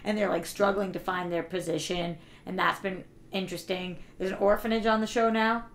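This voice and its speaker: A woman co-hosting a casual podcast chat, talking fast with lots of fillers and bursts of excitement. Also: lowish voice. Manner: chatty, filler-heavy, gushes with excitement. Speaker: guest co-host.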